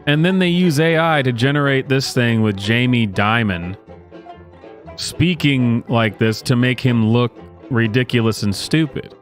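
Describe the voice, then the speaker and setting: A man's voice: medium pitch, a little slow, faint music behind. A man doing sarcastic reaction commentary, sardonic and incredulous, with chuckling asides. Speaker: online commentator.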